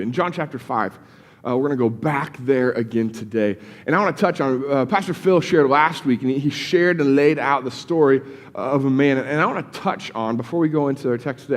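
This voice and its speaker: A man's voice: mid-range voice, long reverb tail. A male pastor giving a casual, conversational sermon in a church, often repeating words as he starts sentences. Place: church sanctuary.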